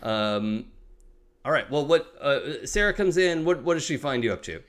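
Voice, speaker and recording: A man's voice: medium pitch, animated, normal speed. A man narrating a tabletop game as game master, talking casually with many fillers and restarts.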